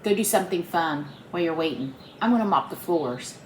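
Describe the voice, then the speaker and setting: A woman's voice: lowish voice, lively intonation, a little fast. Friendly Appalachian woman, home cooking host, chatty and upbeat, echoey kitchen. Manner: chatty, homey and upbeat, talking to viewers as friends. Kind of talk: casual cooking vlog. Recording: roomy kitchen with faint background hum.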